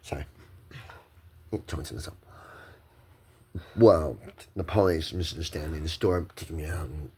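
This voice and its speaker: A man's voice: a bass voice, normal speed, long pauses, warm tone, husky. A middle-aged man, emotional and shaky, rambling and repeating himself as he stumbles through a personal rant recorded on a handheld phone. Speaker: vlogger.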